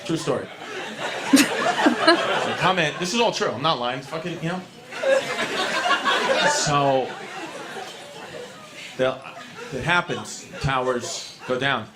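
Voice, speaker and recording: A man's voice: on the high side, sing-song, takes it slowly, pauses often, over a noisy crowd. A male stand-up comedian in his thirties with a New York accent, telling a brash, profane, self-mocking story in a rambling rush. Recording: comedy club set with audience noise.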